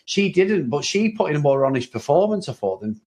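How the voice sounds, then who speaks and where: A man's voice: on the high side, very animated, fairly quick, a little mellow. A man co-hosting a casual chat about an old film, talking freely with many restarts and frequent laughs. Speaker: podcast co-host.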